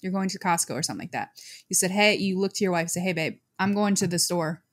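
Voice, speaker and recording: A woman co-hosting a podcast, chatting casually in a calm, matter-of-fact way. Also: lowish voice, fast. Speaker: podcast co-host. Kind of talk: casual chat.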